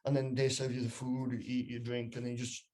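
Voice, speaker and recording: A young man chatting casually on a podcast, telling stories in an animated way and swearing freely. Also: medium pitch, quick pace. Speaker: podcast co-host. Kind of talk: casual chat.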